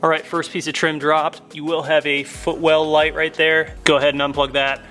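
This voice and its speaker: Chatty man, fairly high voice, explaining steps. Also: level tone, moderate pace, sharp tone, faint music behind. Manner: chatty, upbeat, step-by-step, addresses viewers as guys. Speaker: car mod tutorial host. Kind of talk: casual how-to walkthrough.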